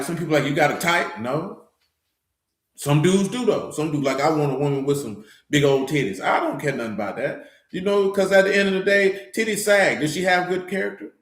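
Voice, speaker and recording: A man's voice: fairly high pitch, a bit bright, reverberant. A man giving a loose, blunt, streetwise scripture teaching. He talks conversationally and keeps asking "you know what I'm saying". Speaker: teacher of a scripture study assembly.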